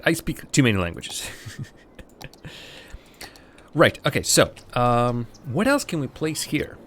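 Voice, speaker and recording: A man from Latvia, a native Russian speaker, streams live gameplay and thinks out loud. His voice sits somewhat low but swoops around animatedly as he rambles, restarts and talks to viewers. A faint hum of noise lies underneath. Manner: chats to viewers between game remarks. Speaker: livestreamer.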